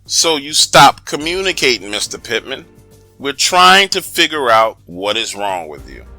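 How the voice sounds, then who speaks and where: A man voicing a calm, patronizing male psychiatrist who speaks softly and slowly. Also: medium pitch, faint music behind, exaggerated voice. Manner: slow, soft, measured.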